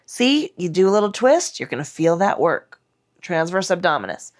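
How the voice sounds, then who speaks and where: Here a Pilates instructor runs a mat class in a lowish, very animated voice at a moderate pace. She performs each exercise herself while cueing breath and form, so her words push against the muscle effort and her breath comes a little strained.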